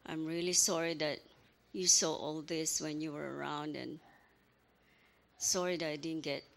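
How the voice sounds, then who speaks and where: An older woman giving a halting, emotional memorial speech as a grandmother, full of apologies and small stories. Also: sits low, fairly even intonation, gravelly, a little hiss or hum. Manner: halting, apologetic, tells little anecdotes.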